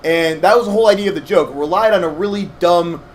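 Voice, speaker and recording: A young man co-hosting a game playthrough, rambling through animated stories with lots of fillers. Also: high voice, quick pace, a little hiss or hum. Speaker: let's play co-host. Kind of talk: casual gaming chat.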